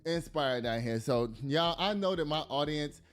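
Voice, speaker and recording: A man's voice: on the high side, lively intonation, moderate pace, faint music behind. A man giving blunt, profane, emphatic political commentary to his audience, laughing at his own jokes. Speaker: commentary host.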